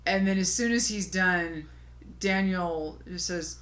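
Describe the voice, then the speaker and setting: A woman co-hosting a casual movie podcast, retelling a film scene in a loose, halting way. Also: fairly low pitch. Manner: conversational recapping, many restarts, quiet asides. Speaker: podcast co-host.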